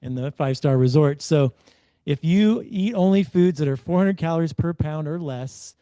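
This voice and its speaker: A man hosting in a loose, casual way, often restarting his sentences. His voice is very mellow and dark, recorded dry and close. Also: fairly high pitch, normal speed, no room sound. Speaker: host. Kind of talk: casual commentary.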